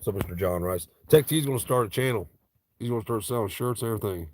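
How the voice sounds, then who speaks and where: A man's voice: lowish voice, fast, a little mellow, a little hiss or hum. A man from Ohio hosting a casual livestream chat with viewers, talking in a blunt, profane, joking way. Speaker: livestream host.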